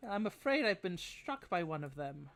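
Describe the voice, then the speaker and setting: A game master voicing a kindly, scatterbrained old woman who talks slowly and gently, like a grandmother. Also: medium pitch, big pitch swings, creaky. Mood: worried. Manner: frail, slow and motherly.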